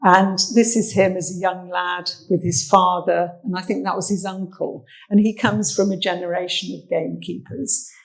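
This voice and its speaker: Gravelly English woman telling stories. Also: lowish voice, flat delivery, normal speed, few pauses, rough recording. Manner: chatty, anecdotal, warm storytelling with fillers. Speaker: social history researcher. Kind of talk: armchair talk presenting photos. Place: indoor talk venue.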